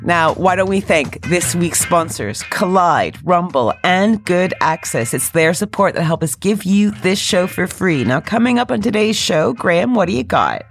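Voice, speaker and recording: A woman's voice: fairly low pitch, animated, moderate pace, creaky, hardly any pauses, soft background music. A woman co-hosting a podcast in casual chat, laughing and self-deprecating. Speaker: podcast co-host.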